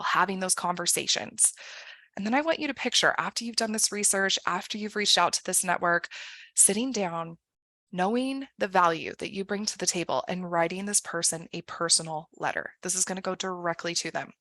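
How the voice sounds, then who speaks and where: A woman career coach leading a guided visualization, upbeat, often acting out excited inner thoughts. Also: mid-range voice, a little fast, no echo.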